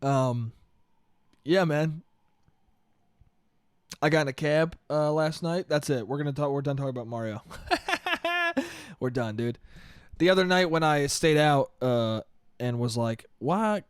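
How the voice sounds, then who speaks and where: A man's voice: medium pitch, normal speed, long pauses, clean tone, no room sound. A man hosting his own podcast, talking alone in a rambling, profane way and calling everyone "dude". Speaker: podcast host. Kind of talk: casual solo podcast monologue. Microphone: studio podcast mic.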